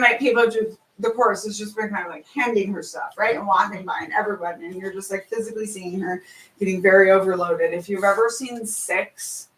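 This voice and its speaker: A woman pitching her musical in casual chat, breaking into sung and chanted lyrics. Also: moderate pace, fairly bright tone, distant mic, a little hiss or hum. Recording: roomy, from off mic.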